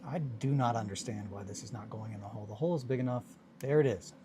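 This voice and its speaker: A man's voice: on the low side, racing, noisy background. A man hosting a casual hobby livestream, talking to himself and coaxing tiny parts into place as he builds miniatures. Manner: mutters and coaxes at fiddly parts, self-talking.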